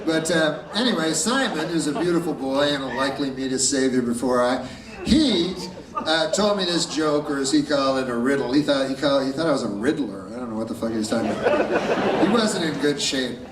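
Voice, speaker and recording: A man doing stand-up comedy with a deadpan, rambling delivery, on stage before a laughing audience. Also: medium pitch, fairly quick, very noisy. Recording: roomy, distant live stage recording. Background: loud audience laughter.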